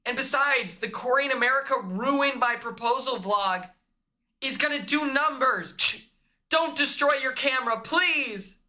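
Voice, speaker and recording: A man voicing a sweet, devoted young woman in a high falsetto, talking tenderly and earnestly while acting out a scene on a casual live stream. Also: measured pace, bright, forceful tone, heavily acted. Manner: pleading, then tender and earnest.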